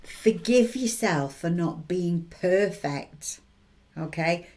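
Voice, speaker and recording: Woman, lowish pitch, chatty, encouraging, motivational advice. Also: expressive, slow pace, a little mellow. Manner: chatty, encouraging, keeps checking in with tag questions. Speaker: intuitive reader and advice giver. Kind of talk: motivational advice talk to camera.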